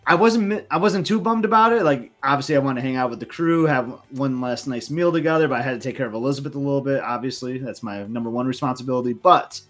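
Man, podcast host, enthusiastic, chatty, middle pitch, faint background music. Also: fast talker, few pauses, a bit bright. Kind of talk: casual chat.

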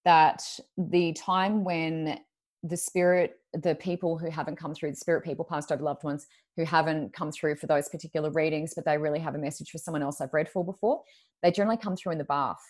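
A woman with a notably low voice, telling a story as a podcast guest. She rambles casually and packs her talk with fillers. Her tone is easygoing and conversational. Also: fairly even intonation, fairly quick, darkish tone. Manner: chatty, rambling, full of "like" and "um". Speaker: guest medium.

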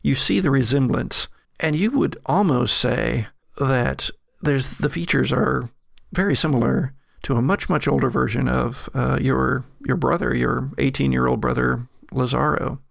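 A man narrating as game master of a tabletop horror game, slow and hesitant as he describes each scene. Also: medium pitch, vocal fry, no room sound, studio quality.

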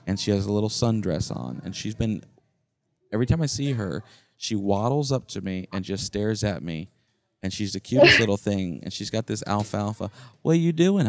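A fairly low-pitched man talks at a moderate pace as a podcast co-host. Middle-aged and casual, he wanders through descriptions of the campground around him from a noisy indoor common area.

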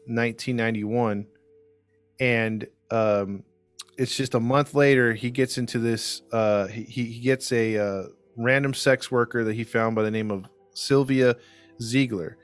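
A man's voice: medium pitch, clean tone, no room sound. Podcast guy rambling through a true crime story, um and uh a lot, dry close mic, faint music. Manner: storytelling with many fillers and restarts. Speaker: podcast co-host.

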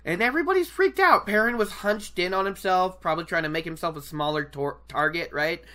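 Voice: mid-range voice, fairly quick, bright, forceful tone. A host giving casual commentary on a book, chatty and digressive, often laughing at their own jokes.

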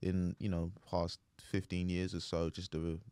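A man's voice: sits low, completely flat delivery, measured pace, mellow, smooth, no room sound. A man co-hosting a podcast, talking in a thoughtful, hedging casual chat with many fillers. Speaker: podcast co-host.

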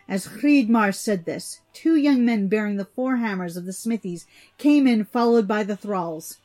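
A woman narrating an old myth in an even, measured storybook reading. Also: medium pitch, soft background music.

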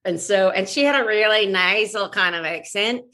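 A woman's voice: mid-range voice, moderate pace, sharp tone. A woman voice actress chatting in an interview, playful and self-mocking, often restarting her sentences. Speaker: voice actress guest. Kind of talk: casual interview chat.

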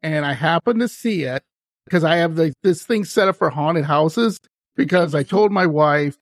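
A man hosting a podcast, telling a story in casual chat, animated and laughing often. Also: fairly high pitch, moderate pace, no room sound, clean studio sound. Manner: animated, laughs often, acts out quoted voices. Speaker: podcast host.

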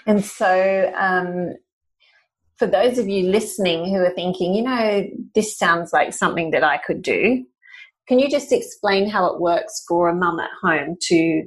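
Low-voiced woman hosting a podcast. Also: unhurried, poor audio. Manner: warm, encouraging, lots of affirming "mm" and "yeah". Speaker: podcast host. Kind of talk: casual podcast interview.

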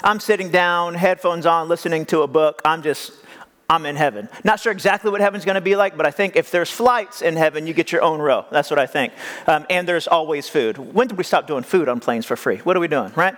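A man's voice: fairly high pitch, fairly quick, fairly bright tone. A male pastor preaching in a joking, conversational way, with self-deprecating asides. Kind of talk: humorous sermon storytelling. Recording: long hall reverb.

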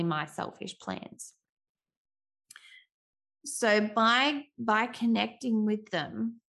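Woman, 30s, earnest parenting talk, mid pitch, some vocal fry. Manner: earnest, reflective, frequent restarts. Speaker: parenting speaker.

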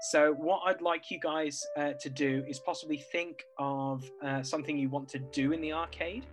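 A man narrating a tabletop game as game master, relaxed and casual with plenty of fillers. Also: a little high, normal speed, soft background music, rough recording.

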